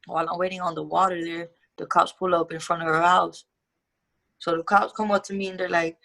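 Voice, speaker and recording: Gravelly-voiced woman telling a hard story. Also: on the low side, level tone, fast, sharp tone. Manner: candid, profane, street slang. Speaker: guest. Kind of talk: casual storytelling interview.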